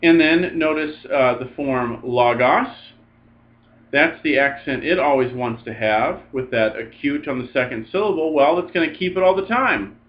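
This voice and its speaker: A man's voice: medium pitch, moderate pace. A male teacher giving a recorded grammar lecture, patiently drilling word forms aloud in lists. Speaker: Greek teacher. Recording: slightly dull lo-fi recording.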